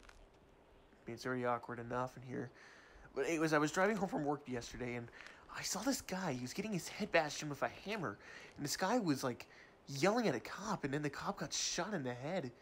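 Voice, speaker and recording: A man's voice: on the high side, expressive, fairly quick, a bit bright, a little hiss or hum. A man voicing an angry office worker who was just fired, swearing and stumbling over his words. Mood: storytelling. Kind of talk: amateur game-video voice acting.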